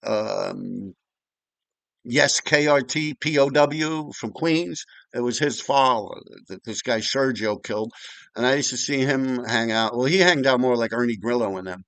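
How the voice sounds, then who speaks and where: Rambling fifty-something New storyteller. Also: male voice, mid-range voice, a little slow, vocal fry, a bit bright, no room sound. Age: 50s. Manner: rambling and profane, with frequent restarts and asides. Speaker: vlogger storyteller. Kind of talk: casual storytelling.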